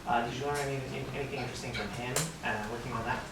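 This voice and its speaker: A man in the audience asking a careful, halting, polite question at a live event. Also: mid-range voice, fairly even intonation. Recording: distant, echoey, with crowd.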